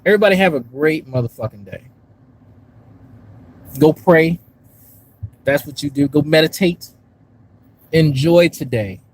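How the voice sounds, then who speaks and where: Speaking unhurriedly with long pauses, a YouTube commentary streamer rambles and swears to his chat in a casual live stream from a park and then a parked car. His slightly high voice is a bit rough, and so is the recording.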